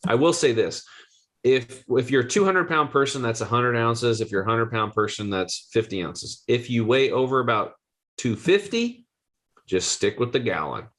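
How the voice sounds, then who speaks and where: A man in his forties, a guest health coach, telling a story with excitable, slangy energy. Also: medium pitch, moderate pace. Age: 40s. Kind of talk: animated storytelling.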